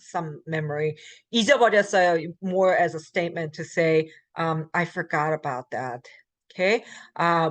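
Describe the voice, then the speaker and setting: A woman's voice: on the low side, no echo. A woman teaching Korean grammar in a recorded lecture. She explains in American English, reads Korean example sentences, and often uses fillers and corrects herself. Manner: frequent fillers and self-corrections. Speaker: Korean language instructor.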